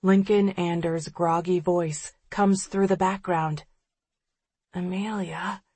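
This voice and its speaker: Woman narrating an audiobook, slow and breathy, real dry close sound. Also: fairly low pitch, steady tone, dark tone, dry recording. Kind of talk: first-person audiobook narration.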